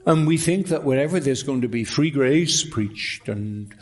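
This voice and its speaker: A man preaching a sermon, emphatic, with rising exclamations and lines that drop to a hush. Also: mid-range voice, lively intonation, a little slow.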